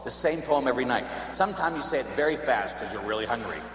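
A priest delivers a sermon in a chatty, joking storyteller's manner. His voice sits at an ordinary pitch for a man. It rings through a reverberant church, with a faint hum underneath. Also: animated, fast, a bit bright. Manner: conversational storytelling with humor. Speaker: Catholic priest.

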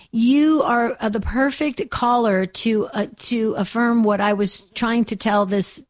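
A woman hosting a call-in radio show, talking in an effusive, gushing way with many repeats. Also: medium pitch.

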